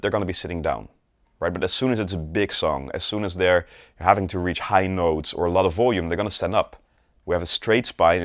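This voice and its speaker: A man's voice: low voice, no room sound, studio quality. A man teaching sales in a conversational video lesson, often checking in with the viewer and demonstrating gestures as he talks. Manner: demonstrates postures and gestures while talking. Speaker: sales coach.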